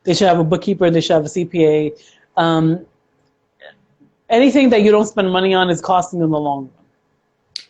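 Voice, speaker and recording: A woman's voice: fairly low pitch, brisk, pauses often, darkish tone, dull audio. A woman guest, an accountant, explaining money matters in a chatty way with examples and frequent fillers. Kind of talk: casual interview chat.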